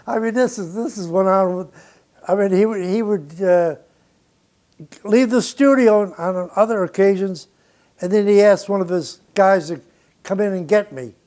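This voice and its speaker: An older man with a notably high speaking voice tells studio stories from his years as a record producer. He is blunt and profane and animated, breaking into laughter between anecdotes in a relaxed interview. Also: moderate pace.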